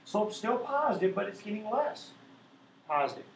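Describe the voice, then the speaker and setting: High-voiced and very animated, this man speaks at a normal speed while lecturing a math class, guiding students patiently step by step and asking "right?" again and again. The classroom echoes, with faint noise in the background.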